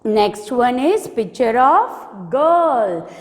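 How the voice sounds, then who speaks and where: A woman teacher with an Indian English accent, slowly spelling out words letter by letter in a phonics lesson for small children. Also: on the high side, big pitch swings, a little mellow, long reverb tail. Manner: slow, sing-song spelling out letter by letter. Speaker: pre-primary teacher.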